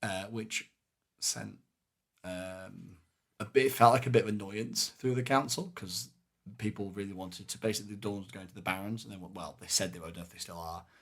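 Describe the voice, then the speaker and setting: Casting: deep-voiced guy, podcast co-host, loose rambling recap with lots of ums. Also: normal speed, gravelly, husky. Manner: rambling, many fillers, animated retelling. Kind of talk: casual chat recapping a live-action game event.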